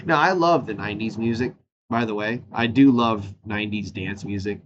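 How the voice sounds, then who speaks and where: On the low side and at normal speed, his voice comes through dull audio with slight background noise. He's hosting his own show in a loose, rambling conversation, animatedly switching topics and filling it with fillers and laughs.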